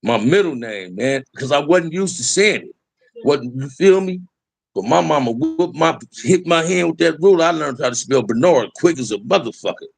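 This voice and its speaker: A man's voice: on the high side, expressive, normal speed, vocal fry, darkish tone, husky. A middle-aged man telling casual, profane life stories in a streetwise way, often calling the listener "man". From Los Angeles area. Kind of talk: casual storytelling.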